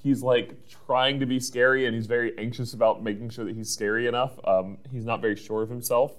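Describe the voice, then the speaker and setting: In a level, mid-range voice, a male podcast co-host runs through a chatty recap. Fillers come thick, and he breaks into frequent quick laughs.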